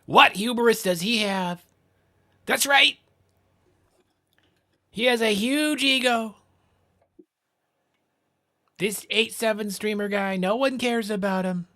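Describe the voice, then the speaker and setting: A man's voice: high-pitched, bright, forceful tone, voice pushed up, full character voice. A man putting on a mocking impression of a brash older male politician, drawn out and exaggerated. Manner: exaggerated, mocking, slow drawl.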